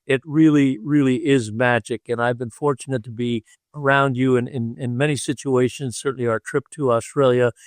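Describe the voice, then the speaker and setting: An older man co-hosting a podcast interview, effusive in his praise and halting, with many pauses. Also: mid-range voice, steady tone, dry recording, clean studio sound. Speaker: podcast co-host. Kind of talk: casual interview chat.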